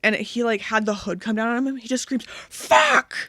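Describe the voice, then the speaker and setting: A woman guest in a casual podcast chat, telling candid, profane, dark-humored stories. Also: fairly high pitch, fairly even intonation, quick pace, dry recording, studio quality.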